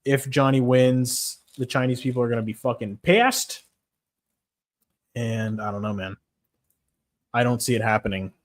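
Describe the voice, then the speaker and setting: A man's voice: mid-range voice, a little slow, long pauses. A man on a casual livestream, talking about fights in a blunt, rambling, profane way. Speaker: streamer.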